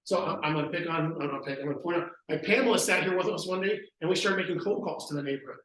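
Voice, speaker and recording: A man leading a real estate training talk, acting out sales pitches as he tells stories. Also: rapid-fire, a bit bright. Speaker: real estate team leader. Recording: very echoey room.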